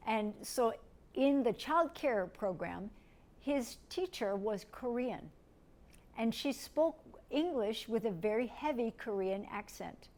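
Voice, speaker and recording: A middle-aged woman from the United States, teaching a lecture in a gentle, step-by-step way and asking her listeners questions. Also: on the high side, expressive, takes it slowly. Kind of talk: recorded lecture.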